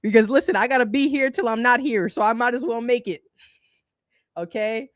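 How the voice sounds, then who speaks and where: A woman's voice: a little high, brisk, no echo. Casual woman livestream host, dry close sound. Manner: conversational, colloquial, laughs often.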